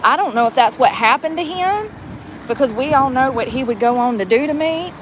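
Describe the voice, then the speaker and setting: A woman's voice: high-pitched, lively intonation, fairly quick, slight background noise, poor audio. A woman in her forties chatting casually while driving, rambling and laughing through her words. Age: 40s. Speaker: vlogger. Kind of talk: casual chat.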